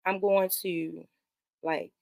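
A woman's voice: lowish voice, flat delivery, takes it slowly, creaky, darkish tone, no echo. A woman hosting a podcast, casually recapping a movie plot in a rambling, profane way and talking straight to her viewers. She mentions being nervous about streaming live. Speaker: podcast host reviewing a movie.

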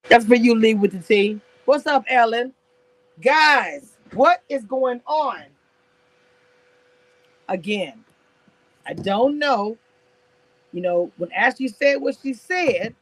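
A woman's voice: on the high side, animated, slow, long pauses, dry recording, low-quality recording. A woman hosting a casual live stream about reality TV, sassy and laughing often as she answers her viewers in chat.

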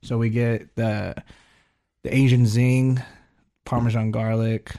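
A young man hosts a podcast in easy, loose chat. His talk is slangy and relaxed, with swearing dropped in casually, at a middling pitch. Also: takes it slowly. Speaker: podcast host.

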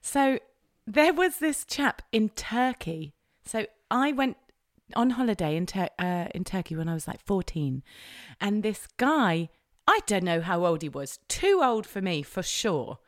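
A woman chatting casually, laughing often and telling animated stories. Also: medium pitch, measured pace, no room sound, clean studio sound. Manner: giggly, animated storyteller. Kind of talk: casual chat.

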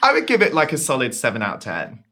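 Woman interviewer, super deep voice, gushy, says babe a lot. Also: wildly swooping pitch, quick pace, very noisy. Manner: gushing, calls guest babe. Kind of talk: casual interview chat.

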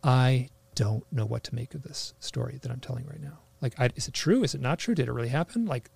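A man's voice: mid-range voice, fast, vocal fry, darkish tone, husky. A man telling a personal story in casual conversation, rambling with lots of "like" fillers and restarts. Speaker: interview guest.

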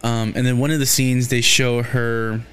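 A man talks through episodes of a series in a loose, casual recap. His voice sits at an ordinary middle pitch. He rambles, restarts his sentences, leans on fillers, and swears freely when he gets heated. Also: little pitch movement, moderate pace, a bit bright, clean tone. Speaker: show recapper.

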